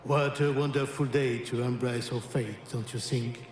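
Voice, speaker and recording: An actor playing a grand, cryptic French council member in a game, speaking with a French accent. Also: male voice, mid-range voice, steady tone, normal speed, natural voice. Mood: lofty. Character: suave French male council member, lofty philosopher. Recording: distant roomy game audio, noisy.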